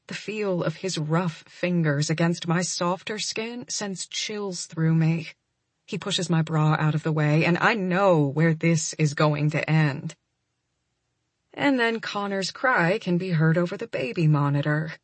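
A young adult woman narrating a first-person romance audiobook, soft and emotional, often close to a whisper. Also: lowish voice, breathy edge, no room sound.

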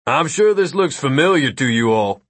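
A man's voice: mid-range voice, animated, moderate pace, a bit bright, no echo, pitched above the performer's own voice. A man voicing a smug, mischievous male wizard who lectures and teases. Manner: lecturing, teasing.

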